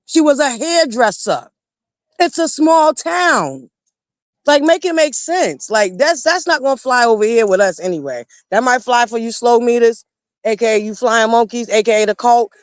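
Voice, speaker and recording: A woman with a Southern American accent hosting a casual livestream gossip chat, animated and quick to laugh, talking straight to her viewers. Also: a little high, no room sound, clean studio sound. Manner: animated, laughs often, talks to viewers as y'all. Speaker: livestream host.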